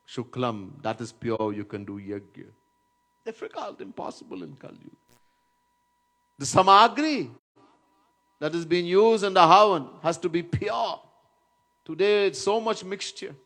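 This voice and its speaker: A man gives a devotional lecture in a fairly high voice, taking his time over every phrase. He tells stories, chants verses now and then, and drives points home by repeating key words. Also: a bit bright. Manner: storytelling, chants Sanskrit verses, stresses words by repetition. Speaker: swami giving a spiritual lecture. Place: Trinidad.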